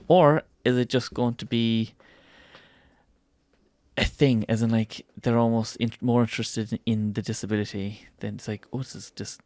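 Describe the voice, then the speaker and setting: An Irish man talking as a podcast guest in casual chat, soft-spoken, reflective and a little halting. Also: medium pitch, fairly even intonation, no room sound.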